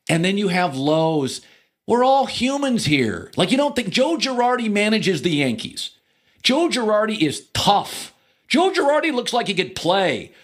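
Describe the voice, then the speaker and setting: A middle-aged man talking sports in a joking, opinionated monologue. His voice sits high for a man and swings up and down a lot. He keeps breaking into mocking impressions. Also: fairly bright tone. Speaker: sports radio host.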